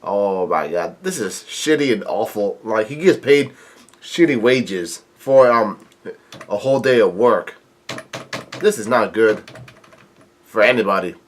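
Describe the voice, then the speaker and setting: A man with a stuffy nose, casually reading manga panels aloud in a halting way, adding blunt remarks as he goes. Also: on the low side, lively intonation. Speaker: manga reaction video host. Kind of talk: casual read-along commentary.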